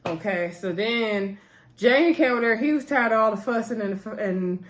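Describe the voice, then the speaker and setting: A woman's voice: a little high, animated, moderate pace. A woman recapping a reality TV episode in a casual, opinionated chat, talking straight to her viewers in slangy speech.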